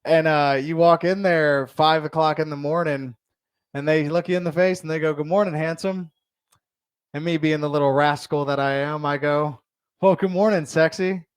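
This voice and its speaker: Rambling young stand-up man, clear voice. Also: a little high, flat delivery, moderate pace, no room sound. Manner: loose, rambling delivery with crude jokes and fillers. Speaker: stand-up comedian. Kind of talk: stand-up comedy set. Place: comedy show in a bar.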